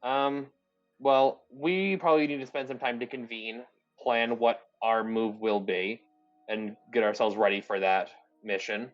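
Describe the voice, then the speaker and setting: A man playing a tabletop game jokes around in a sarcastic, chatty way. His mid-pitched voice comes through a dull lo-fi mic, with faint music underneath. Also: fairly even intonation, measured pace. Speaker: player. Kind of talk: casual tabletop game chat.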